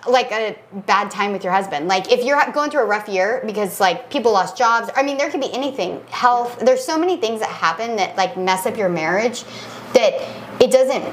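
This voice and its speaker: A woman's voice: mid-range voice, animated, normal speed. A woman co-hosting a podcast, talking earnestly and with opinions, filling her speech with "like". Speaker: podcast co-host. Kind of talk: casual chat.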